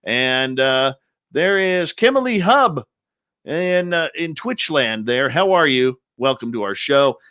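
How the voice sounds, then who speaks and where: Upbeat bright radio host. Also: male voice, mid-range voice, animated, smooth, no echo. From Canada. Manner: upbeat, playful, drawn-out announcer emphasis. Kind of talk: live show roll call and greetings. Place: home studio in British Columbia.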